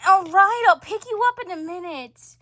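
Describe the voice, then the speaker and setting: A woman's voice: very high voice, normal speed, bright, forceful tone, no room sound. A woman telling a homemade family role-play, switching between character voices for each family member. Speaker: storyteller voicing all characters.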